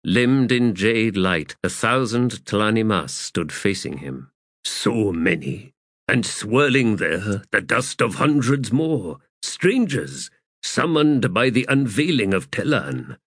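A man reading fantasy fiction as an audiobook narrator, in a measured, expressive way. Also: fairly low pitch, dry recording, studio quality.

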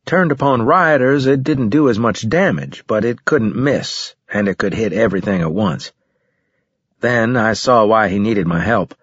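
A man reading a first-person story aloud in a steady, measured way with grim weight. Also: on the low side, husky, no echo, dull audio. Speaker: audiobook narrator. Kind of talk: first-person scripted narration.

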